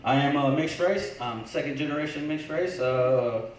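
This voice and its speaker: Man, stand-up comic, teasing crowd work, slightly high voice, echoey, laughing crowd. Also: moderate pace, a little hiss or hum. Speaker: stand-up comedian. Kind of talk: stand-up comedy set. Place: comedy bar lounge. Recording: echoey room, distant voice, crowd. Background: audience laughter.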